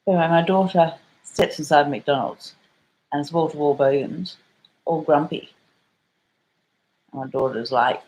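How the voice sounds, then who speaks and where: A woman's voice: deep voice, unhurried, long pauses, a little mellow, poor audio. A middle-aged woman with an Australian accent, telling a rambling story for her vlog in a chatty way, full of slang and the odd swear word. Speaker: vlogger.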